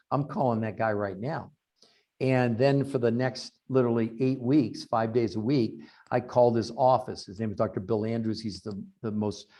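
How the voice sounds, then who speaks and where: A man who researches health, telling long anecdotes in an interview over a video call, acting out quoted lines. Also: mid-range voice. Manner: animated anecdotes with acted-out quotes. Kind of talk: storytelling in an interview.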